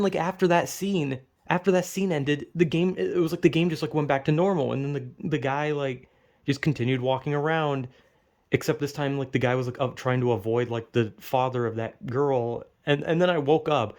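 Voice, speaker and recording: A man's voice: a little high, vocal fry. A man casually recounting a strange dream in a rambling monologue, full of filler words and swearing, growing incredulous as he goes. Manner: animated, incredulous.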